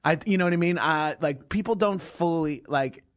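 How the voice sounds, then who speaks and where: A man's voice: a little high, normal speed. A man in his thirties, a comedian guest in casual chat, brash and profane, laughing between phrases.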